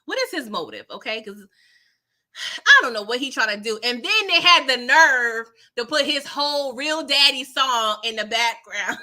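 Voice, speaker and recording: A woman runs a casual live recap in a high, very bright voice. She talks in an animated, chatty way, with a lot of pitch movement, laughs often, and keeps tossing in "okay?" to her viewers. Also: measured pace. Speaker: TV show recapper.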